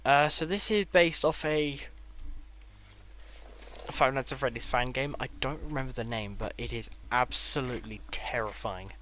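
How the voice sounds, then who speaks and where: A man's voice: medium pitch, moderate pace, fairly bright tone, slight background noise. A man giving a casual, rambling tour of his game builds, with offhand delivery and dry sarcastic asides. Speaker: gaming creator.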